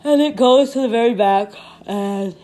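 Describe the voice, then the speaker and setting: A young woman hosting a podcast, telling a story in a casual, animated, slangy way, full of "like" and swearing. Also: on the high side, moderate pace. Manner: animated, slangy, constant "like", swearing, laughs often. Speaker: podcast host.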